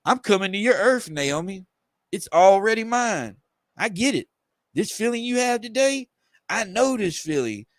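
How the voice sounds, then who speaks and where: A menacing male villain taunts a young heroine, as a man reads his lines aloud. The voice sits a bit high for a man. The sound is dry, with no room around it. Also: very animated, moderate pace, no room sound. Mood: taunting. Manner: reading aloud from a comic page.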